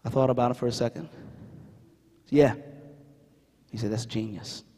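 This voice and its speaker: With a mid-range voice at normal speed, this keynote speaker tells an animated motivational story in a large conference hall. He performs the characters' dialogue and addresses the audience directly, all in a reverberant space.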